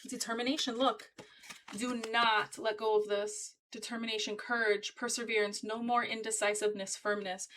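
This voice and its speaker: A woman's voice: on the high side, level tone, moderate pace, background noise. A woman giving a casual tarot reading to her viewers, talking in a chatty, emphatic and encouraging way. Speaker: tarot reader.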